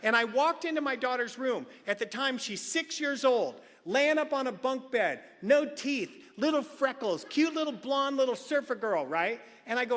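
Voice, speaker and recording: High-voiced man telling a comic story. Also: moderate pace, few pauses. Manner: animated, comic, colloquial. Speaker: AA speaker. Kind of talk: storytelling talk. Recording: long hall reverb.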